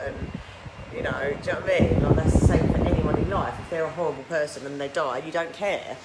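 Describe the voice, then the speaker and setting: Woman rambling on a phone live stream, lots of "like" and "you know", loud background noise. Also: low voice, steady tone, normal speed. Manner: chatty and rambling, many "like" and "you know" fillers. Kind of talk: casual live-stream chat, reading viewer questions. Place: hair clinic, indoors.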